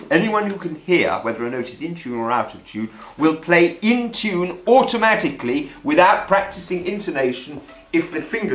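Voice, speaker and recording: A man's voice: on the high side, echoey room. A man giving a violin lesson, blunt and opinionated, stressing his points as he demonstrates on the instrument indoors. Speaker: violin teacher. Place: indoor room with a door. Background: violin playing between phrases.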